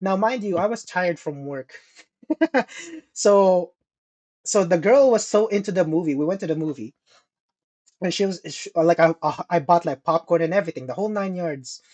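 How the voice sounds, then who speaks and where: A man's voice: high-pitched, normal speed, darkish tone. A young man co-hosting a casual podcast, telling a dating story with lots of laughter and swearing. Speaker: podcast co-host.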